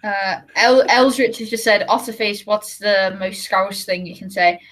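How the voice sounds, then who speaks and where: A woman's voice: medium pitch, unhurried, a bit bright. A woman from the north of England with a northern English accent, chatting casually on a stream and often laughing. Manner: giggly, puts on local voices mid-story. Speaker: stream guest. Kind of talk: casual chat.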